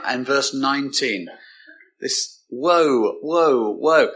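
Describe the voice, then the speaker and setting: A man preaching a sermon, emphatic, with dramatic pauses and repeated words. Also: mid-range voice, fairly bright tone, husky.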